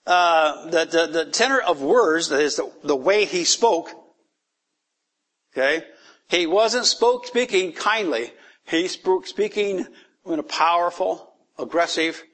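A man with a high voice teaches a Bible passage. He talks in a casual, lively way, puts questions to his listeners and acts out what the characters say, often breaking into laughter. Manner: animated, asks the audience questions, acts out quoted lines, laughs often.

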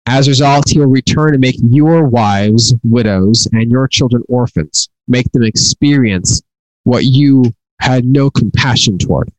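A man's voice: medium pitch, a little slow, darkish tone, no room sound, low-quality recording. A middle-aged man teaching from the Torah in an earnest way, often repeating and restarting his words. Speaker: Bible teacher.

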